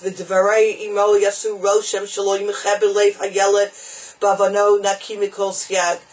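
Brief: chatty Torah teacher, mid-pitched, wanders off on asides, drops in Hebrew phrases. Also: rough recording. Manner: conversational and digressive, mixing in Hebrew and Yiddish terms. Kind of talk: informal Torah lesson on the Haggadah.

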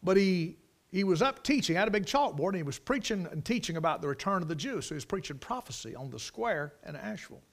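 A man preaching a sermon, moving from quiet storytelling to loud, emphatic preaching. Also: high voice, expressive, fast.

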